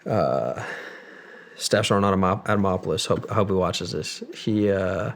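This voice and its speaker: Low gravelly man telling a story. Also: moderate pace. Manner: retells events with many quoted exchanges and profanity. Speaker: interview guest. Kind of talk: casual storytelling.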